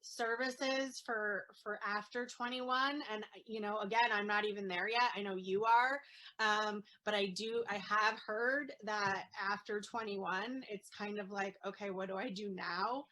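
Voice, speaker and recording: Earnest halting mom, bright voice. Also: female voice, mid-range voice, fairly even intonation, rough recording. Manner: earnest, halting with many fillers. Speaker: guest, autism mom. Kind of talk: casual interview chat.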